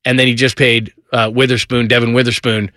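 A middle-aged man hosting a sports talk show, giving energetic casual commentary and rattling off lists of player names. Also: medium pitch, brisk, no echo, clean studio sound.

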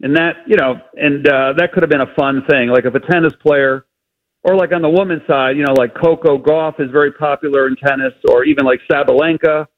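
A man's voice: fairly high pitch, fairly even intonation, fairly quick. A man calling into a sports radio show, rambling through suggestions with many fillers. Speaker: caller. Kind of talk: radio call-in. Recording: dull phone-in line.

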